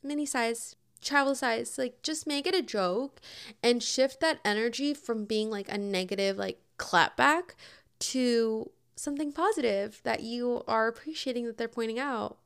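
A woman's voice: a little high, normal speed, creaky, a bit bright, clean tone. A young woman hosting a podcast, answering listener questions in a chatty, upbeat way, with lots of "like" and "oh my God.". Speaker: podcast host. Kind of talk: casual advice chat answering listener questions.

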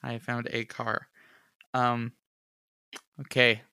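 A man's voice: mid-range voice, completely flat delivery, takes it slowly, sharp tone, smooth, dry recording, studio quality. A man playing a tabletop murder mystery game, talking playfully and stammering now and then. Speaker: player.

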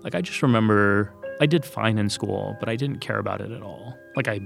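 A man's voice: lowish voice, fairly quick, gravelly, soft background music. A man from Texas, a guest telling personal stories in an earnest, thoughtful way, with many fillers. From Texas, USA. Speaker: interview guest. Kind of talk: reflective personal storytelling.

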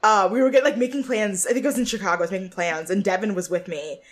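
Fast-talking and medium-pitched, a young woman co-hosts a podcast and chats casually about a reality show. She's animated and giggly, her speech packed with fillers.

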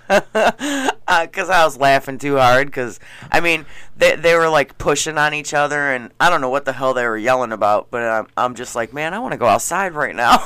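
A man telling stories in casual chat, animated and laughing often as he acts out what people said. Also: medium pitch, normal speed, clean tone, no echo. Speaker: gas station clerk.

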